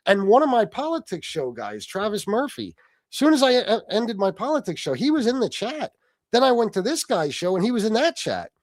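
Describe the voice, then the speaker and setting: A man with Sicilian roots hosts a casual livestream in a high voice whose pitch swoops wildly, speaking fairly quickly. He tells a profane, laugh-filled story and reads his chat aloud to answer it, in clean studio sound with no echo.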